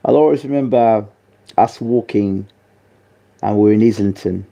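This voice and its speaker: A man giving a personal spoken tribute as a boxing channel host, grieving, soft and halting, with many pauses and fillers. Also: on the low side, creaky, highs cut off.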